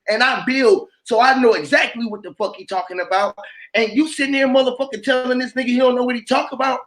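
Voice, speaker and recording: A man's voice: high-pitched, fairly bright tone, rough recording. A man on a livestream panel, talking in an angry, profane and repetitive way. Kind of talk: heated livestream chat.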